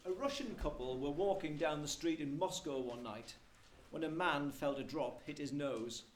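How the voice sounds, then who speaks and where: A man telling a joke to a concert audience, in a deadpan storytelling manner with voiced quotes. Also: on the high side, moderate pace, a little hiss or hum. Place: event rooms. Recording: echoey room.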